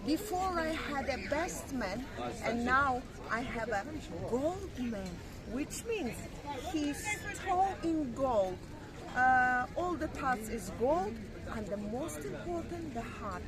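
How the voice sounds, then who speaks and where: Co-host, woman, high effusive voice, crowd chatter outdoors. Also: lively intonation, takes it slowly. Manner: playful, effusive, broken English. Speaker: vlog co-host. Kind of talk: casual chat. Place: outdoor seaside harbour promenade in the evening.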